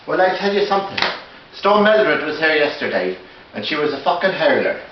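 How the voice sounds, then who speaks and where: A high-pitched man talks through a home repair in a rambling, deadpan, mock-serious way. He is well off the mic in a very echoey room. The sound is muffled and has clear background noise. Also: fairly quick. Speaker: comic DIY video host. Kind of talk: comic deadpan DIY tutorial. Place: indoors at a fireplace under repair. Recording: echoey, distant, muffled, noisy.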